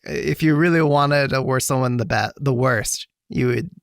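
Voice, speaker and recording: A man co-hosting a pop music podcast in casual chat, animated and given to laughing asides. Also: mid-range voice, normal speed, vocal fry, no echo, studio quality. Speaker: podcast co-host.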